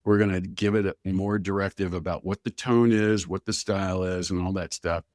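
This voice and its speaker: A man being interviewed as an expert guest, telling stories in an animated way and acting out the dialogue he quotes. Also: sits low, normal speed, no room sound, clean studio sound. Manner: animated storyteller who acts out quoted dialogue, with filler "blah, blah". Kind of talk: conversational podcast interview.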